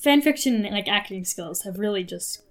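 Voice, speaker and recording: A woman's voice: medium pitch, expressive, brisk. A young adult woman co-hosting a podcast, teasing and laughing through casual chat. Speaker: podcast co-host.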